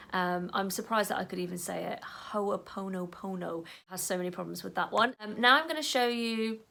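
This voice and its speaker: A woman leading an EFT tapping session in a casual, chatty way, saying the affirmations softly and trailing off into a whisper. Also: medium pitch, gravelly. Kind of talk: guided tapping instruction.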